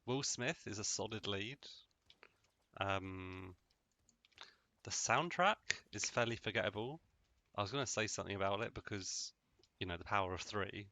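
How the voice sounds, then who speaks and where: Let's-play host, man, low voice with a bright edge, rambling and deadpan. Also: gravelly, no echo. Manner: rambling, jokey, deadpan asides. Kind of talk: casual gameplay commentary.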